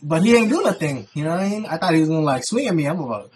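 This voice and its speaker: A man's voice: a little high, sing-song, very fast, darkish tone. A young man vlogging, telling stories casually with heavy slang and swearing, acting out what people said. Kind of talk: casual storytelling.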